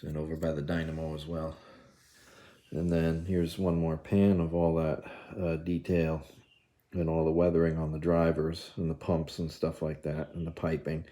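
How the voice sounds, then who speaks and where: At a normal speed, a man with a low, warm voice gives a relaxed show-and-tell of his model trains indoors in his kitchen. He films with his phone as he goes and fills his narration with plenty of fillers.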